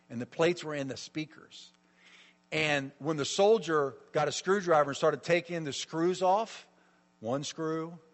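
A middle-aged man preaching a sermon as a pastor, telling stories emphatically with lots of repetition, in a reverberant hall. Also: mid-range voice.

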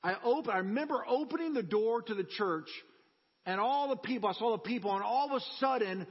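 Man, preacher, husky voice, animated storytelling, dull recording with long hall reverb. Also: very high voice, a little fast. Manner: animated personal storytelling with humor. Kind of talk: sermon.

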